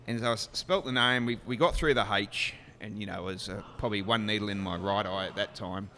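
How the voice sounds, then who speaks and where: An Australian man spins a comic story as a guest on a casual chat show. His voice is bright and forward, and he talks in an animated, joking way, with casual swearing. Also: fairly low pitch, fairly quick. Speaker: brewery co-owner guest.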